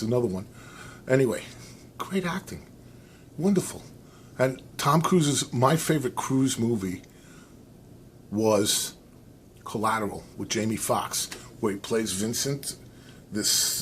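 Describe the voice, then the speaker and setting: An American man talking casually to camera, rambling and animated, with many restarts and fillers, giving his opinions. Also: medium pitch, a little hiss or hum. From United States. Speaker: vlogger.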